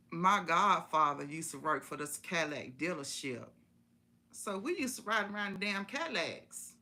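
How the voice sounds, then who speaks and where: A woman's voice: fairly low pitch, bright, forceful tone. A woman telling a personal story in a casual, folksy way on a live stream, repeating phrases for emphasis.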